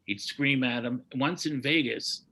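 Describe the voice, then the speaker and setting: A man, a boxing historian, telling animated anecdotes in a casual chat and acting out the quotes. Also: mid-range voice, measured pace, low-quality recording.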